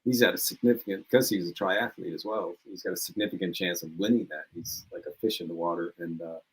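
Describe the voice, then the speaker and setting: A man guesting on a podcast, telling lively anecdotes in casual chat and laughing often. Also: deep voice, fast, husky, low-quality recording. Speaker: podcast guest, former reality show contestant.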